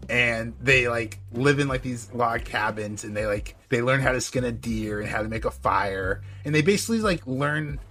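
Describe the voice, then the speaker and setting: A man co-hosting a podcast, talking in a loose, rambling way and packing his sentences with filler words. His pitch sits in an ordinary middle range. Faint music plays under his voice. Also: moderate pace, hardly any pauses. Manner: rambling, animated, heavy use of "like". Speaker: podcast co-host. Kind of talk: casual chat.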